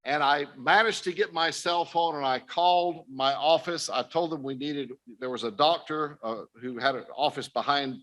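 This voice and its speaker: A man's voice: on the high side, normal speed, hardly any pauses, fairly bright tone. An older man giving an earnest personal testimony talk to a conference audience, speaking directly to his listeners. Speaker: missionary speaker. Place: conference stage.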